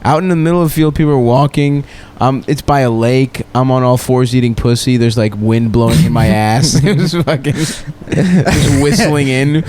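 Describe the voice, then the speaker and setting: A man's voice: mid-range voice, moderate pace, a little mellow, a little hiss or hum. A man co-hosting a comedy podcast, telling crude stories casually and laughing often. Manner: crude, giggly storytelling. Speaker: podcast co-host.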